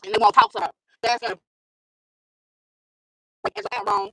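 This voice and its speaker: A woman's voice: mid-range voice, moderate pace, long pauses, pushed and bright, breathy edge, no echo, poor audio. A woman vlogger with a school-age son, telling her own story in a casual monologue and repeating phrases for emphasis. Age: adult with a school-age son.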